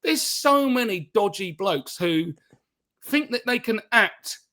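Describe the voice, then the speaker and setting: A male comedian co-hosting a podcast in loose, jokey chat. His voice sits high for a man and rings bright and forward. He swears freely and trips over his words as he riffs. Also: expressive, slow pace. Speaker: podcast co-host.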